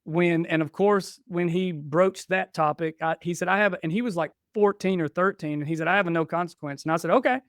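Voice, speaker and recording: A man's voice: a little high, a little fast, hardly any pauses, fairly bright tone, dry recording, clean studio sound. A man in his forties, a podcast guest, telling family stories casually and acting out what was said back and forth. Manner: chatty, restarts and quotes himself. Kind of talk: casual storytelling.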